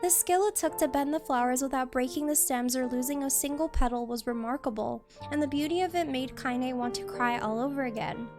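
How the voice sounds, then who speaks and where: High-pitched female streamer, steady read-aloud narration, soft music behind. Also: brisk, few pauses. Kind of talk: reading a novel aloud on stream.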